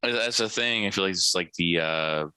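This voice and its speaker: Male podcast co-host, lowish bright voice, animated joking interjections. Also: normal speed, smooth, no echo. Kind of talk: casual chat.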